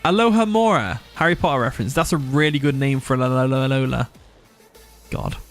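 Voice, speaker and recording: A man's voice: medium pitch, moderate pace, soft background music. A young man from England, giving casual live commentary on a game, reading chat aloud and laughing often. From Nottinghamshire, England. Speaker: streamer.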